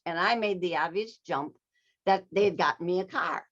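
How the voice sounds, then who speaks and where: A woman from Wisconsin giving a storytelling keynote talk, animated and often addressing her audience. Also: mid-range voice, moderate pace, dull audio. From Wisconsin, United States. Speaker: keynote speaker.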